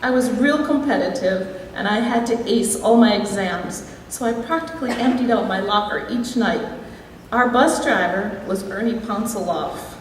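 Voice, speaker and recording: A woman from Wisconsin with a Midwestern accent giving a reflective, gently humorous award speech as an alumni inductee. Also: mid-range voice, normal speed, a little hiss or hum. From Wisconsin, USA. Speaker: alumni hall of fame inductee. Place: large school hall. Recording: echoey hall, voice from far off.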